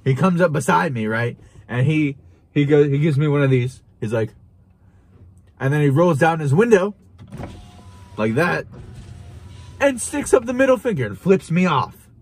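A young man telling a wild story to camera in a casual, animated way, laughing and swearing as he goes. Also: a little high, moderate pace, pauses often, husky. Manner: animated, chuckling, swearing, with restarts. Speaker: vlogger.

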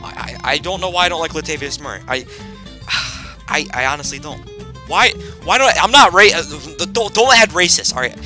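A teenage boy hosts his own gameplay video, rambling and jumping between topics with sudden excited shouts. His voice sits a little high, very bright and swings widely in pitch. Faint game music plays behind him. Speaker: gaming video host. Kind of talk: casual gameplay commentary.

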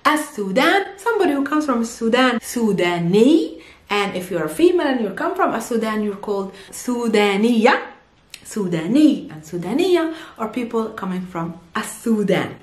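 A woman with an Arabic accent teaching an online language lesson, enthusiastic and giggly, slowing down to pronounce words carefully. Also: a little high, sing-song, roomy sound.

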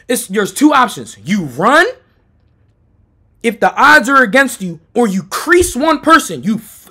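A young American man who streams, telling a personal story in a loose, profane way, going from low mutters to shouts. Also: vocal fry, slightly rough. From United States. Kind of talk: storytime chat.

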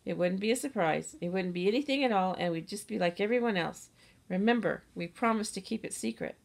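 A woman's voice: medium pitch, fairly quick, vocal fry, lightly acted. A woman voicing a bossy young schoolgirl who leads a secret club, reading eagerly from a storybook. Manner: eager, commanding.

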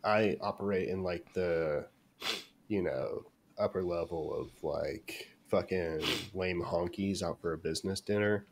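Deep-voiced brash man in voice chat. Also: a little slow, background noise. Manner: brash, crude, mock-macho banter. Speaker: voice chat guest. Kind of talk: casual stream chat.

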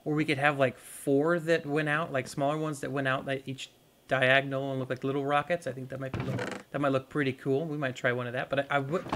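A man's voice: mid-range voice, noisy background. A young man casually commenting on his gameplay, rambling and talking to viewers as he plays. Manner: rambling, talks to viewers while playing. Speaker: gaming YouTuber. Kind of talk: casual let's-play commentary.

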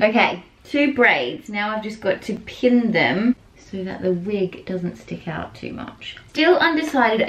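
Bubbly Australian woman vlogging. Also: medium pitch. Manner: bubbly, chatty, giggly asides. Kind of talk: casual vlog chat. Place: indoors, small room.

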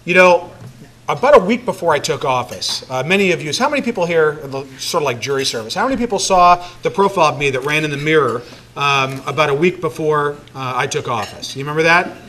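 A man delivers a speech to a packed banquet room, his voice sitting a bit high. He talks loosely and jokes, and often stops on "uh" and "um". A faint hiss runs under the recording. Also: expressive, fairly quick, bright, forceful tone. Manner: conversational and joking, with many fillers. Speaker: mayor giving a city address. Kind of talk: public speech to a crowd.

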